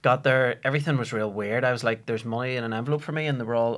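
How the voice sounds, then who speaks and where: A man's voice: lowish voice, fairly even intonation, rapid-fire, hardly any pauses, a bit bright. A man, a comedian, telling sweary stories in a casual podcast chat. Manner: sweary, laughing anecdotes. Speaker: comedian guest. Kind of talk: casual storytelling.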